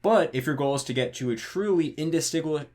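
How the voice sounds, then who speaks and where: A man's voice: on the high side, animated, a little fast, darkish tone. A man answering viewer questions in a casual monologue, thinking aloud and hedging, with frequent restarts and fillers. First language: English. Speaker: channel host answering patron questions.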